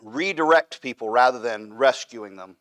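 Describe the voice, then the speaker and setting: A man's voice: medium pitch, moderate pace, fairly bright tone. A man teaching an adult Bible class in a church, emphatic and repetitive, often checking in with "right?". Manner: emphatic, repeats points with "right?". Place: church room.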